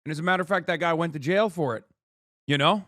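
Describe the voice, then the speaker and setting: A man's voice: on the high side, fairly bright tone, dry recording. Sarcastic male streamer, dry sound. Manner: sarcastic, swearing, reads headlines fast. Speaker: political streamer. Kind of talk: casual commentary.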